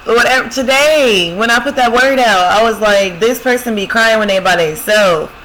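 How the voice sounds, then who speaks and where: Woman host of spiritual love readings, bright and forceful, chatty and repetitive, speaks directly to viewers. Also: medium pitch, slight background noise, rough recording. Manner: talks straight to viewers, repeating "y'all" and "I'm telling you"; reads song lyrics aloud, then interprets them. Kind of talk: casual prophetic love reading.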